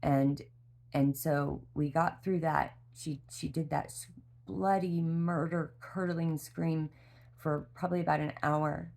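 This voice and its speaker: A tired mother speaks in a low voice with a gravelly, creaky edge, telling her story candidly in a vlog. Her talk rambles with heartfelt restarts. The fatigue is audible. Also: steady tone, slow, a little mellow. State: exhausted. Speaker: mother sharing a parenting story.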